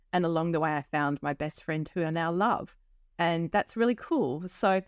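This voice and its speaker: A woman's voice: lowish voice, dry recording, studio quality. A woman in her fifties hosting a solo podcast, talking candidly and chattily with many fillers. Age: 50s. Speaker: podcast host. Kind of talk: personal solo podcast reflection.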